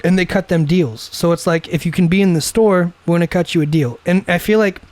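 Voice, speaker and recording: A man's voice: high-pitched, a little fast, darkish tone, no echo. A young man co-hosting a casual podcast chat over beers, ranting and swearing, often acting out what other people would say. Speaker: podcast co-host.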